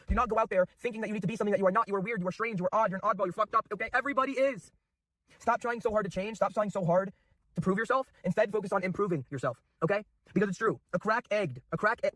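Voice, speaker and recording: A man's voice: high voice, fairly bright tone, no room sound. A young man giving an emotional, intense motivational monologue, repeating phrases for emphasis. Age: young adult. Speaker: YouTuber.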